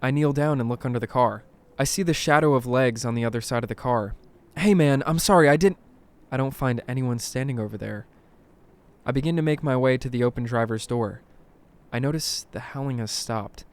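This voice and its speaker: A man's voice: medium pitch, steady tone, brisk, clear, resonant tone. Man narrating spooky stories dramatically. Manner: dramatic, hushed at tense moments, bursts of alarm. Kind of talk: scripted horror story narration.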